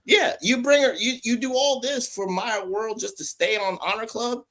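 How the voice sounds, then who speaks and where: A man co-hosting a casual wrestling podcast, animated and fond of calling himself by a title in the third person. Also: sits high, normal speed. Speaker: podcast co-host.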